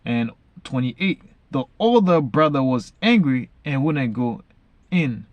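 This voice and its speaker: A man reading Bible verses slowly, then retelling each one casually in everyday slang. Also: medium pitch, animated, no room sound, muffled recording. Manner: frequent fillers and restarts, says basically a lot. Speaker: Bible reader and explainer. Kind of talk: casual Bible study talk.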